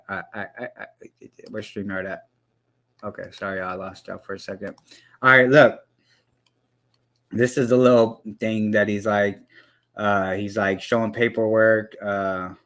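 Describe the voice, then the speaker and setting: A man's voice: fairly low pitch, fairly even intonation, measured pace, pauses often, a bit bright. A man hosting a livestream, ranting with heated, profane commentary into a headset mic.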